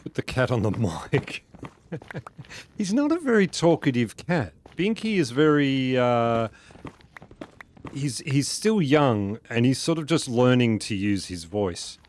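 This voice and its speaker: A man plays a game on a live stream, chatting casually and joking with his viewers, often laughing at his own jokes. His medium-pitched voice is slow, sing-song and darkish in tone, with a little hiss or hum in the audio.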